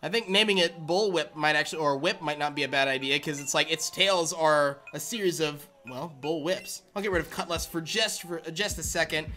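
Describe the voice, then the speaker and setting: A man streaming a video game live, chatting loosely with viewers and breaking into high, excited squeals and laughter. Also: brisk, few pauses, soft background music. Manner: rambling chat to viewers with fillers. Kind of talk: live-stream shiny-hunt reaction.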